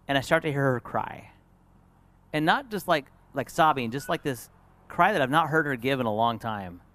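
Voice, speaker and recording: A man's voice: mid-range voice, normal speed. Earnest male pastor telling a story. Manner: storytelling, earnest, shifts between lively and hushed. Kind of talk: sermon with personal story.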